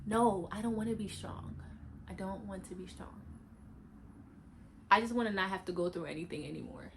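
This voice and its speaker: A young adult woman vlogging in a casual, candid chat while getting ready, talking in animated, slangy bursts that jump high for emphasis. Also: moderate pace, slight background noise.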